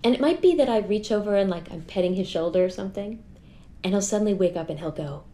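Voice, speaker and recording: An American woman telling anecdotes in a casual podcast chat, in an animated way. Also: medium pitch, quick pace. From United States. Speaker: blogger, podcast guest.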